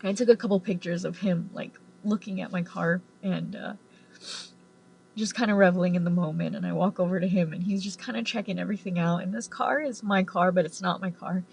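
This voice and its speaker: A woman's voice: on the low side, steady tone, a little fast, gravelly, a little mellow, husky, rough recording. A woman tarot reader casually telling a long story to camera, rambling with lots of "like" and the odd swear word.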